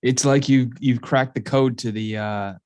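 A man's voice: mid-range voice, steady tone, unhurried, a little mellow, no echo, clean studio sound. A man hosting a casual podcast chat, laid-back and laughing along with his guest. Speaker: podcast host.

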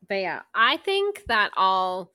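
A woman's voice: mid-range voice, very animated, takes it slowly, pushed and bright, dry recording, studio quality. A young woman co-hosting a podcast, chatting casually about a book and retelling scenes with quoted voices. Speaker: podcast co-host. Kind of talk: casual book-club chat.

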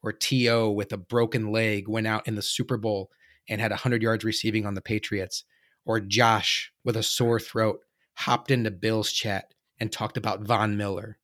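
Hoarse man hosting a sports podcast. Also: on the low side, flat delivery, normal speed, a bit bright. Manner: playful, hyped sports banter. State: hoarse from a cold, voice giving out. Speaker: podcast host. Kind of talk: casual sports podcast chat. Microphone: home podcast mic.

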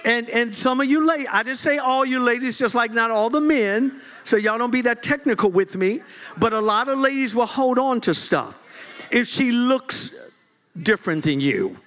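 A middle-aged man preaching a sermon, lively and joking, often laughing as he talks. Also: very high-pitched, moderate pace. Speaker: pastor.

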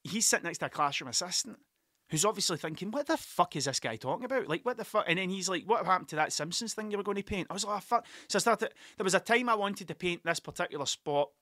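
A man's voice: sits high, lively intonation, fast, pushed and bright, no echo, clean studio sound. A man, the podcast's host, telling a rambling, sweary and self-mocking story in casual monologue into a desk mic.

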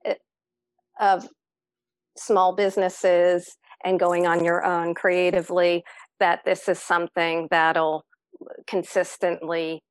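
A woman's voice: on the low side, flat delivery, takes it slowly, smooth, dry recording. A woman speaking as a podcast guest, reflective and encouraging in casual conversation, with many fillers.

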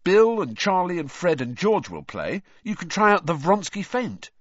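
A man voicing a blunt, eager teenage boy in a much higher voice, on a dull lo-fi recording. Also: very animated, moderate pace, a bit bright, dry recording, full character voice.

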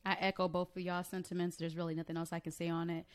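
A woman co-host on a wrestling podcast who speaks with open emotion and laughs easily. Her voice is lowish for a woman, and she talks in a relaxed, conversational way. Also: fast talker, clear, resonant tone. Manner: emotional, expressive, laughs often. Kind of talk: casual chat.

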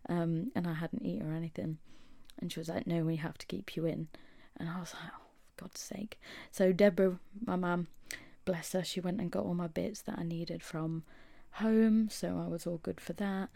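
In a relaxed solo podcast, a young Englishwoman tells a story while feeling shaky and unwell following a hospital visit. She speaks at a normal speed in a fairly low, gravelly, dark voice with fairly even intonation and hardly any pauses, whispering her quoted asides. There's no echo.

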